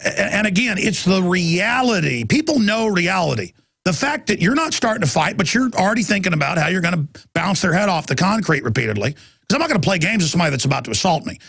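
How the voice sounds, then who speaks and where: A man hosting a talk radio show, ranting forcefully in a heated monologue and acting out encounters with other people. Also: high-pitched, gravelly, slightly rough, dry recording. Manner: ranting, forceful, acts out encounters in put-on voices.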